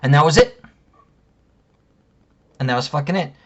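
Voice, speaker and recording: A man's voice: on the high side, animated, normal speed, fairly bright tone. A man telling a story in an angry, profane rant, heated and indignant. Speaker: vlogger.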